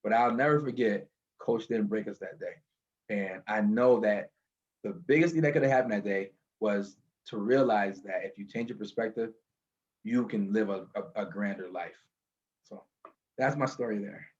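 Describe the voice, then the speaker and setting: A man telling a motivational story from his car, animated and building to a lesson, over a video call. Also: lowish voice, normal speed, highs cut off. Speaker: guest speaker.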